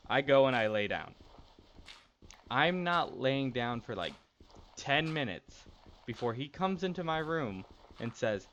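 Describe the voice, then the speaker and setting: A man's voice: mid-range voice, sing-song, a little slow, pauses often, fairly bright tone. A young man streaming, telling a personal story casually, rambling and candid with many restarts. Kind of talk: casual storytelling while gaming. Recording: dull lo-fi stream audio, faint noise.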